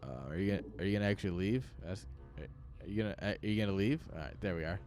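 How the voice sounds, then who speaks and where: A young man commenting live on an esports match in an excitable, joking way, talking straight to his chat. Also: low-pitched, quick pace, soft background music. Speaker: game caster.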